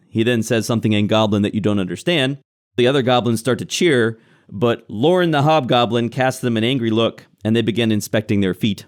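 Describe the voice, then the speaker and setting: A man's voice: medium pitch, brisk. A man narrating a tabletop game as game master, describing scenes with frequent fillers.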